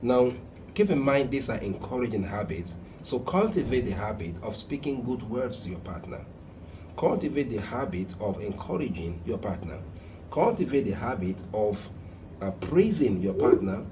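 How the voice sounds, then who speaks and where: Emphatic radio host, lively pitch. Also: male voice, moderate pace, noisy background. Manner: emphatic, preachy, gets heated. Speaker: radio call-in host and counselor. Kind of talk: advice call-in talk.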